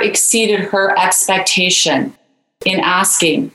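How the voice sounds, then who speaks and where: A woman's voice: lowish voice, moderate pace, fairly bright tone, roomy sound, poor audio. A woman guest author in an interview, telling a story in a loose conversational way with many fillers.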